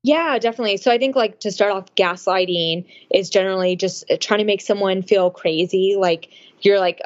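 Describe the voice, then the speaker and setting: A woman's voice: medium pitch, fairly quick, hardly any pauses, dry recording, muffled recording. A woman who advocates for domestic violence survivors, a podcast guest speaking casually with lots of "like" and "um". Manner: relaxed, uses lots of fillers like "like" and "um". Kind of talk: casual interview chat.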